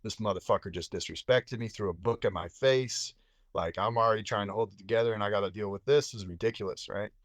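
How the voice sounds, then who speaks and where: An angry, fed-up male patient, as a man quotes him in his own voice, cursing and rushing his words. The voice sits fairly low and sounds dry and close. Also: dry recording, close to an everyday voice. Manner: heated, cursing, rushed.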